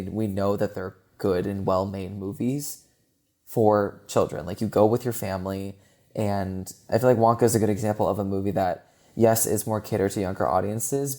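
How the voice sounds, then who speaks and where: A man with a mellow, relaxed voice talking through a film in a casual podcast chat. He rambles, stacks up "like"s and restarts his sentences as he thinks aloud. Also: lowish voice. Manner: chatty and rambling, heavy use of "like". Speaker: podcast co-host.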